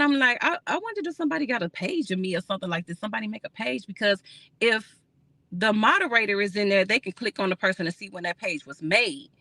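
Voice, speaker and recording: A woman talking straight to her livestream viewers in a bright, pointed voice. She is candid and rambling, swears freely and laughs often. The sound is close and dry. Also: mid-range voice, dry recording. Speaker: livestream host. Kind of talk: casual livestream chat with viewers.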